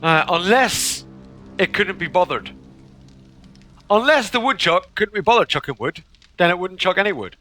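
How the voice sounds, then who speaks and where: A man's voice: sits high, lively intonation, normal speed, pauses often, pushed and bright, faint music behind. A man streaming a game, rambling goofily and stumbling through tongue twisters. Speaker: gaming streamer. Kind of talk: playful live-stream chatter.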